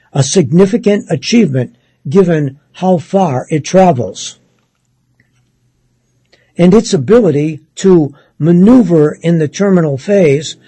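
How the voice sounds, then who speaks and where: Brief: man reading a news article aloud, mellow and husky tone, dry close sound. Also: a little high, dry recording, low-quality recording. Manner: measured, steady read with occasional self-corrections.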